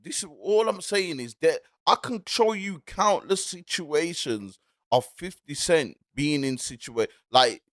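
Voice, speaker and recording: A man's voice: on the high side, a bit bright, no echo, studio quality. A man hosting casual commentary, talking emphatically and repeating his points. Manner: emphatic, repeats points, asks "you get me?". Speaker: commentary host.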